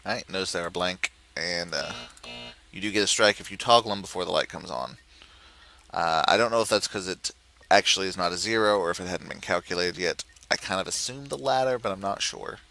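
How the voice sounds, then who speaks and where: A man walking through a puzzle game as a tutorial presenter, explaining step by step and thinking aloud with frequent pauses and self-corrections. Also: sits low, bright, forceful tone, low-quality recording. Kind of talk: screen-recorded game tutorial.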